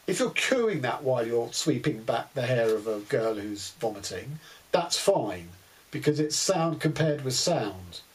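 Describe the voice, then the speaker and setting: A man's voice: mid-range voice, lively intonation, unhurried, low-quality recording. A man giving a casual book review, wry and exasperated, with many fillers.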